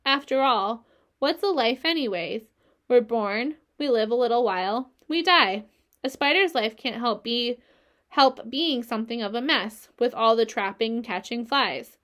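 Wise gentle spider, female, calm, weary, steady and reassuring, read by a woman. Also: on the high side, measured pace. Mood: tender.

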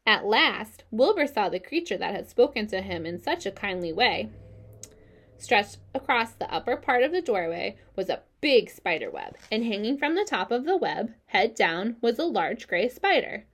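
Gentle lady narrating a kids book, bouncy lively voice. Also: medium pitch, normal speed, breathy edge. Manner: expressive, gentle. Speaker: reader. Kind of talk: storybook narration.

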